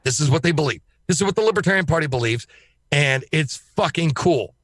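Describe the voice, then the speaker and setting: A man talking as a podcast guest, his voice a bit high and leaping up and down as he gets worked up. He speaks emphatically and swears casually, heard close and dry with no room sound. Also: brisk, no room sound. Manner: emphatic, excitable, swears freely.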